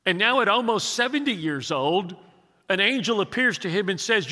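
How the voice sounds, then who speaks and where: A man's voice: sits high, lively intonation, bright, forceful tone, in a large hall. A man in his sixties preaching a sermon, stumbling through restarts as he tells a story and growing emphatic as he preaches. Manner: halting restarts while telling a story, emphatic when preaching. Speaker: pastor.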